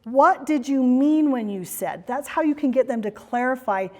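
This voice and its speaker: A woman with a high voice and dark tone speaks at a moderate pace as a corporate trainer leading a workshop for a retreat audience. Encouraging and conversational, she acts out playful examples in a retreat venue meeting room, with the long reverb of a hall on the recording.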